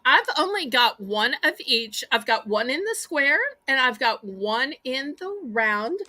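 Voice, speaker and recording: A woman with a Southern American accent hosting a live home-shopping auction, with chatty, animated selling patter. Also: fairly high pitch, no echo.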